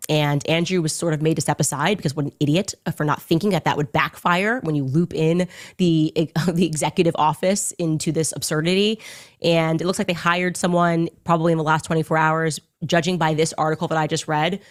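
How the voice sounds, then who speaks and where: A woman's voice: deep voice, steady tone, a little fast. A woman giving pointed, accusatory political commentary in a clip from an online show. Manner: emphatic, accusatory, speculative. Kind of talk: opinion commentary.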